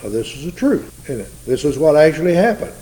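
A man's voice: fairly high pitch, sing-song, fairly quick, warm tone, rough recording. A man preaching a sermon in a folksy, conversational teaching style, asking his listeners rhetorical questions.

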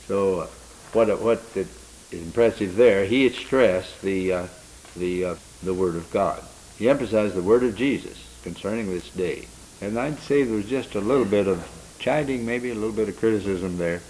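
Man, very low voice, Bible study teacher; meandering delivery, faint tape hiss. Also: darkish tone, rough recording. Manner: rambling, unhurried, with frequent restarts and fillers.

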